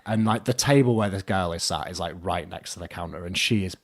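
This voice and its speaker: A man with a fairly low voice tells a dating mishap in relaxed podcast chat. He acts out each quoted line and laughs often. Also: brisk, gravelly. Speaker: podcast guest. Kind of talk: casual storytelling.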